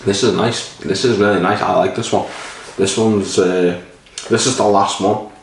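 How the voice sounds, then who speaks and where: A man's voice: fairly low pitch, fairly even intonation, normal speed, a little hiss or hum. A man rambling casually and swearing while reviewing a beer, a little sleepy. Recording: roomy echo, mic at a distance.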